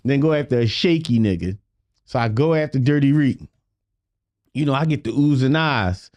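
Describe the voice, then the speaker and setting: A man's voice: medium pitch, moderate pace, a little mellow, no room sound. A man, a rapper telling a story on a podcast, swearing freely and often repeating "you know what I mean". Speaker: guest rapper. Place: podcast studio.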